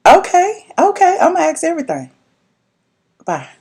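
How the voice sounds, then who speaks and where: A woman's voice: very high voice, huge pitch swings, normal speed, darkish tone. A young woman, chatting casually with her viewers as she hosts a gossip live stream. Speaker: vlogger hosting a live gossip chat.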